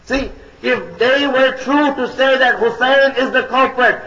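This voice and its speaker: A man's voice: very high-pitched, unhurried, sharp tone. A man preaching a sermon, repeating key phrases emphatically and addressing his listeners as brothers and sisters. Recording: echoey hall, dull lo-fi sound.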